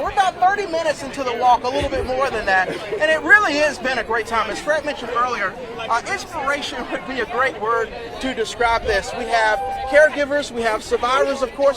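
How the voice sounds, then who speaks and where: Male field reporter, high lively voice, winded, on a noisy outdoor street. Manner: breathless, upbeat while walking. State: out of breath. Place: outdoor street among a walking crowd. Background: cheering crowd.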